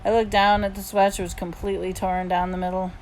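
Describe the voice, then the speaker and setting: A woman's voice: mid-range voice, flat delivery, quick pace, darkish tone, slight background noise, poor audio. Woman reading a novel aloud. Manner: plain, easygoing first-person storytelling. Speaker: audiobook reader.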